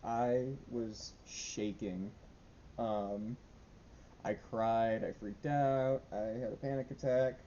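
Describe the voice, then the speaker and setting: A man's voice: medium pitch, steady tone, takes it slowly, warm tone, lo-fi sound, slight background noise. A young man talking casually in a diary vlog at home, rambling and self-deprecating with many fillers. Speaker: vlogger. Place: home room.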